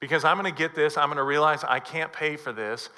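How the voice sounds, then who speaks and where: Bright-voiced preacher man. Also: a little high, quick pace. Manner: storytelling preacher, acts out dialogue. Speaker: pastor. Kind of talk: sermon.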